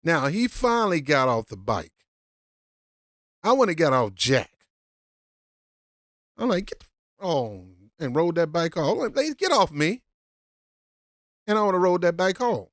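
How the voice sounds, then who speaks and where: A woman's voice: fairly low pitch, very animated, moderate pace, pauses often, dry recording. A woman giving a slangy, mocking reaction commentary on a street video.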